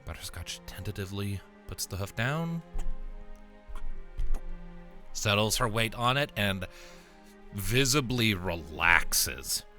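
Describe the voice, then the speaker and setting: A man narrating a tabletop game as dungeon master, in a relaxed, rambling way with frequent laughs. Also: on the low side, a little slow, soft background music.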